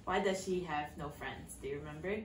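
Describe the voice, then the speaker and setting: Reading a storybook to young English learners, this woman pauses to ask them simple questions with patience. Her voice is low-pitched and a little fast. The room echoes, she's distant from the microphone, and there's a faint hiss.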